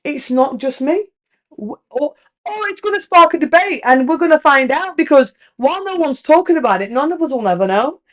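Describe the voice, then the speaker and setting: A woman's voice: high voice, lively intonation, a little fast. A young British woman hosting a podcast, talking frankly and in a rambling, confessional way, full of "like". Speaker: podcast host. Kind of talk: candid confessional chat.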